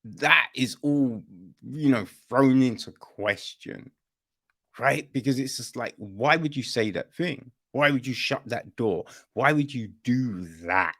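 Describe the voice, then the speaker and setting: Podcast guy chatting about a play, slow and easygoing, voice bouncing up and down, lots of "right?". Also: mid-range voice, a bit bright. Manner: conversational, keeps asking "right?" and "you know?"; apologizes to listeners after a coughing fit. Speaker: podcast host reviewing a play. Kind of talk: casual spoken review.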